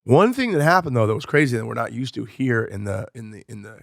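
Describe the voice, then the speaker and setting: A man's voice: mid-range voice, animated, quick pace, vocal fry, dry recording, clean studio sound. A man, a comedian co-hosting a podcast, telling a loose, profane story in casual chat.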